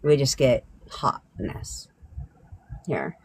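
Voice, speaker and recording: A woman's voice: a bass voice, sing-song, drawn-out words, creaky, a little mellow, slight background noise. A woman from Southern California, a manifestation coach, ranting bluntly and profanely on a live stream, laughing often.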